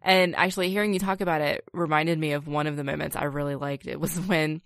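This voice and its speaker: A woman co-hosting a casual film discussion, animated, laughing often and acting out reactions. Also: sits low, fast, dry recording, studio quality. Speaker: podcast co-host.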